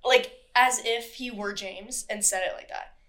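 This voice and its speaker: A woman's voice: a little high, fairly even intonation, unhurried, fairly bright tone. A woman co-hosting a podcast, telling a true crime story in casual, chatty talk, swearing freely and acting out what people said. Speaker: podcast co-host.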